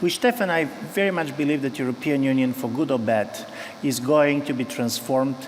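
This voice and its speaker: A panelist takes on the audience's questions in a relaxed, reflective way with an even mid-range voice. The hall gives his voice a long reverb over a faint background hum. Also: mid-range voice, moderate pace. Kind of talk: panel answer. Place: conference hall.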